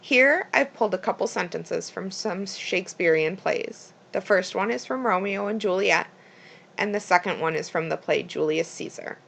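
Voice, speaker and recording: A woman's voice: mid-range voice, moderate pace, creaky, a bit bright. A woman reading a prepared school presentation plainly from her notes, with small slips and restarts.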